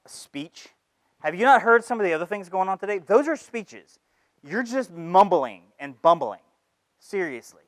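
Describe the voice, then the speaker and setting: Guy voicing his fear as a snide high-pitched heckler, dry close mic. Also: very animated, moderate pace, no room sound. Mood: scornful. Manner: mocking, sarcastic, taunting. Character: sneering inner voice of fear, male, belittling. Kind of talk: comic stage monologue.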